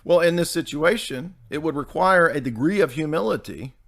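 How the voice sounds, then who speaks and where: A man's voice: on the high side, animated, moderate pace, fairly bright tone. A man, giving casual podcast commentary and tagging his points with "right?". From American Bible Belt. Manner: rhetorical, keeps asking "right?".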